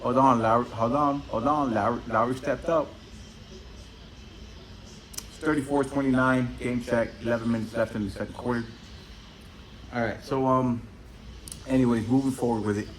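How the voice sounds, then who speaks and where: Man, 30s, podcast host, casual monologue, profane, digressive, middle pitch. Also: steady tone, normal speed, long pauses, slight background noise. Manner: profane, rambling storyteller.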